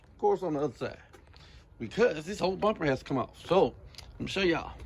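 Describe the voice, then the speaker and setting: A man's voice: on the high side, lively intonation, fairly quick, creaky, husky. Profane, sarcastic DIY car mechanic man. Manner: profane, sarcastic, laid-back. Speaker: DIY car repair vlogger. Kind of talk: casual how-to narration. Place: garage or driveway, working on a car.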